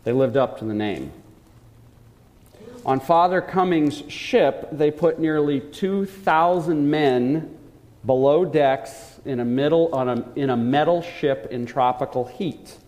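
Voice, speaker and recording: A man's voice: fairly high pitch, a little mellow. Earnest male preacher in a reverberant hall. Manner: earnest storytelling, slows for emphasis. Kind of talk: sermon.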